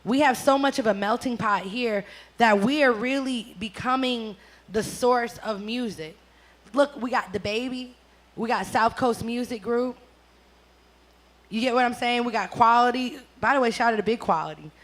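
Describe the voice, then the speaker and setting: A woman's voice: on the high side, moderate pace. A brash, profane woman, chatting casually as a guest on a drinking talk show. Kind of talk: casual chat.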